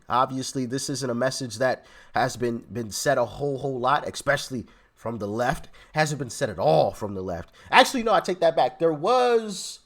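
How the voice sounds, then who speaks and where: A man hosting a commentary channel, reacting in casual talk. He is animated, restarts his phrases often and speaks directly to his viewers. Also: fairly high pitch.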